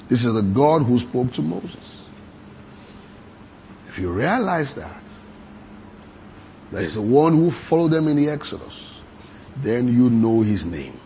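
A man preaching a sermon, reading scripture aloud slowly and quizzing his congregation with repeated questions. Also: medium pitch, dark tone, a little hiss or hum.

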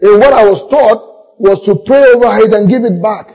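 A middle-aged male preacher with a high-pitched, breathy-edged voice speaks at normal speed, weaving a sermon out of funny personal stories. He laughs a lot and mimics the people he describes. The audio is dull, with a large hall's long echo.

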